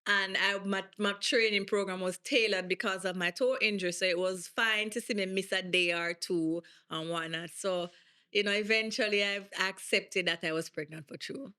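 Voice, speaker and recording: Jamaican woman in her thirties, interview guest, bright and forceful tone, emphatic storyteller with patois turns. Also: medium pitch, moderate pace, smooth. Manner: animated, emphatic, slips into patois. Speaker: guest athlete.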